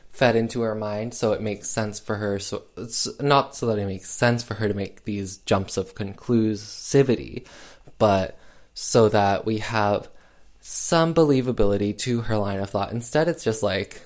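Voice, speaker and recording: A man's voice: fairly low pitch, steady tone, slow pace, darkish tone. A man casually recapping a film plot with sarcastic asides, full of "um" and "like" fillers. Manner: sarcastic, filler-heavy with lots of "um" and "like".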